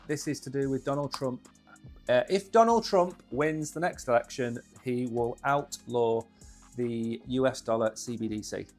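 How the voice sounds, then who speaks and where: A man's voice: medium pitch, moderate pace, a little mellow, soft background music. A man co-hosting a casual crypto stream, chatty and joking. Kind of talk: casual chat.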